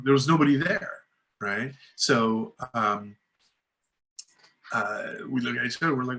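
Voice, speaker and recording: A man's voice: on the low side, lively intonation, moderate pace, bright, forceful tone. A man, a filmmaker guest, tells rambling anecdotes full of fillers and restarts, acting out other people's lines in a raised voice. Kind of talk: casual storytelling in a podcast interview.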